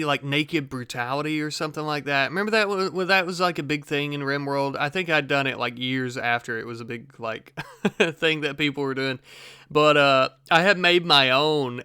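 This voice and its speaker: A man with a bright, crisp voice talks through a casual reaction to his own old gameplay video. He rambles, laughs at himself and teases his past self. The sound is dry and close, with no room around it. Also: fairly high pitch, dry recording.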